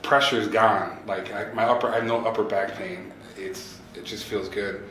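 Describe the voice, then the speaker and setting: A man patient reacting to treatment with loud, startled exclamations and cursing. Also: fairly low pitch, steady tone, normal speed, noisy background. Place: treatment room, indoors. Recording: roomy room with voices behind.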